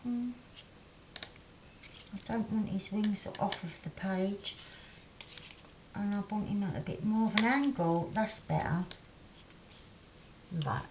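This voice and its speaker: Slow, chatty Cockney woman crafting. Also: medium pitch, dull audio, background noise. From England. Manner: rambling and chatty, lots of "like" fillers, laughs often. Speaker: craft vlogger. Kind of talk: chatty crafting vlog, reminiscing while working. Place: home kitchen craft table.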